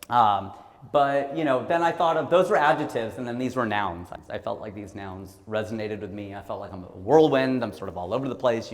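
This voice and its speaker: A man in his forties from Ohio, giving a live motivational talk in a playful, self-mocking storytelling way. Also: fairly low pitch. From Ohio, USA. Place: talk room or hall with an audience. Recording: long hall reverb.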